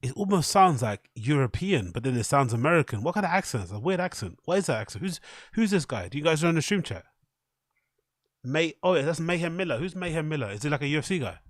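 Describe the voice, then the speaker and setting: A man's voice: fairly high pitch, very animated, quick pace, no room sound, clean studio sound. Profane man riffing on clips. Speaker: streamer host. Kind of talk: casual stream commentary.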